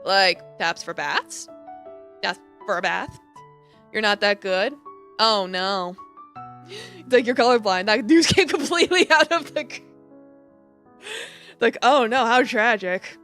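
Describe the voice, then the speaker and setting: A woman's voice: a little high, expressive, a little slow, pauses often, a bit bright, soft background music. A young woman streamer chatting and joking through a game, rambling with lots of fillers. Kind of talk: live game commentary.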